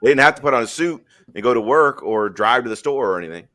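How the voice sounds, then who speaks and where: A man's voice: mid-range voice, animated, fast talker, pushed and bright. A man hosting a live stream in casual chat, rambling through stories in a blunt, profane way.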